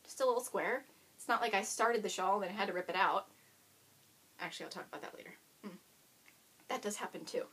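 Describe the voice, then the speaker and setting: A woman's voice: mid-range voice, fairly bright tone, husky. A woman hosting a knitting video podcast, chatting casually and bubbly to the camera and talking to her dog now and then.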